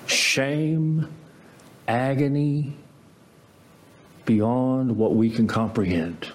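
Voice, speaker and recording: Slow, emphatic male preacher. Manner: emphatic, dramatic swings in pitch. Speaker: pastor. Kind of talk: sermon.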